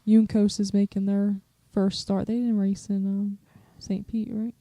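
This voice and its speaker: A woman co-hosting a podcast, her mid-pitched voice gravelly and deeply mellow. She talks hesitantly, with plenty of fillers. The sound is dry and close. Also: level tone, a little slow, dry recording. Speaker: podcast co-host. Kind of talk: casual chat.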